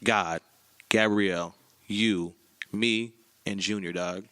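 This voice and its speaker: Laughing, rambling young man with a bright voice. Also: on the low side, fairly even intonation, slow, clean tone. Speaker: podcast co-host. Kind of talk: casual chat.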